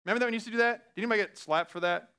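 A man preaching a sermon as pastor, talking in a casual, laughing way and swinging from hushed lines to loud outbursts. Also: sits high, very fast, smooth.

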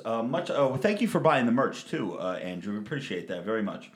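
A man's voice: medium pitch, sing-song, brisk. Crude, laughing male podcast host. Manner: loose, profane, laughs often. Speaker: podcast host reading listener questions. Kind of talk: casual crude banter.

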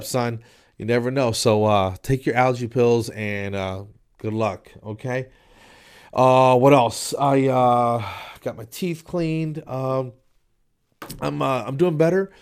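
Rambling, slightly nasal male podcast host. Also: lowish voice. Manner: rambling, joking, many fillers. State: stuffy from allergies. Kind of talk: casual solo chat. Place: spare room downstairs.

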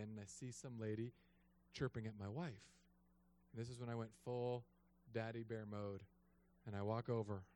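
Animated pastor in his thirties, smooth voice. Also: on the low side. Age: 30s. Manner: animated, joking storyteller. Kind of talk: storytelling sermon.

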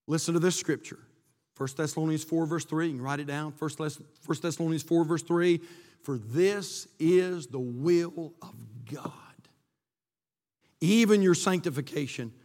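Male pastor, high voice, impassioned pulpit sermon, long church echo. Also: normal speed, a little mellow. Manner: impassioned preaching, reading scripture aloud. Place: church sanctuary.

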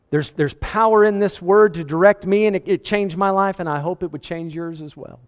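A man preaching a sermon as pastor, animated, quoting scripture and acting out voices with a chuckle now and then. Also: high-pitched, a little fast, hardly any pauses, big-room sound. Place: church sanctuary.

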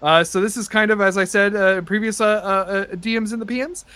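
A man narrating and chatting as game master on a tabletop podcast, rambling with many fillers and getting excited. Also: high voice, fast talker, clear, resonant tone, no room sound.

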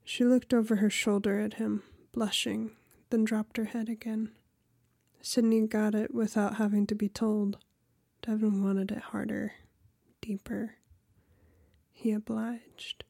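A woman reads erotic fiction in a soft, partly whispered voice. Her delivery is slow and level, with a gravelly texture. The recording is close and dry. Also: medium pitch, flat delivery, no echo. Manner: soft, often half-whispered reading. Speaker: audiobook narrator. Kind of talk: erotic audiobook narration.

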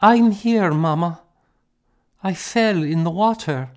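A man's voice: high voice, takes it slowly, darkish tone, voice pushed up. A man voicing a timid young girl in a storybook reading.

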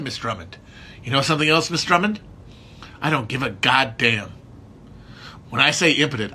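A man performing a monologue as an embittered aging male hospital doctor, ranting bitterly and building to shouts. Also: fairly high pitch, slightly rough, voice pushed up, exaggerated voice.

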